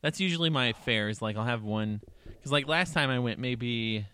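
A man's voice: medium pitch, moderate pace, sharp tone, clean tone. A man chatting casually and joking around with a friend, riffing on silly ideas. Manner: joking, rambling, playful. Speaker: co-host. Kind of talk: casual chat.

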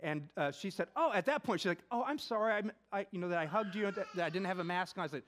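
A middle-aged man preaching a conversational sermon, telling a personal story with animated asides. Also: sits high, fast talker, few pauses, a little hiss or hum. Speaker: pastor.

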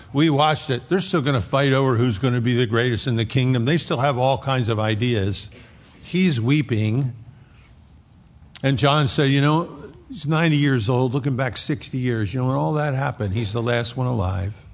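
A pastor with a medium-pitched voice and some vocal fry preaches a conversational sermon, acting out the voices of the people he quotes. The recording carries a long hall reverb.

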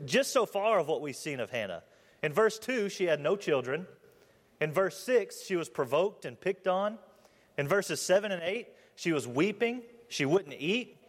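Young guy preaching a sermon, kinda high voice, earnest, lots of questions to the crowd, big echoey church hall. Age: 20s. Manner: earnest, asks the congregation questions, reads scripture aloud. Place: church building. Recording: long hall reverb.

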